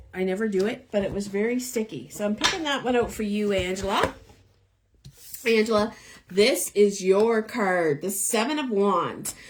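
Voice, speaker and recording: A woman's voice: medium pitch, noisy background. A young woman, who is losing her voice, gives chatty, encouraging tarot readings live into a phone above her eye level. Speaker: tarot reader. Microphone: phone held above eye level.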